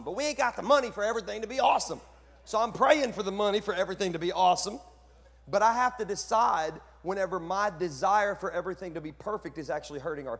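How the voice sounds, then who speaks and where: A man preaching to fellow pastors, joking and breaking into bursts of preacher fire. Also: sits high. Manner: lively, joking, preacherly outbursts. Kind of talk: conference sermon to pastors. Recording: hall reverb.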